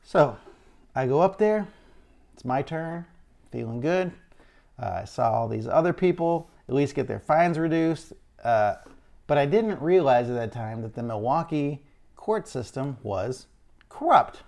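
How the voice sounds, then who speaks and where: A man from Illinois telling a personal story in an animated, exasperated way. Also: medium pitch, a little slow, vocal fry. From Illinois, USA. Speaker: speaker.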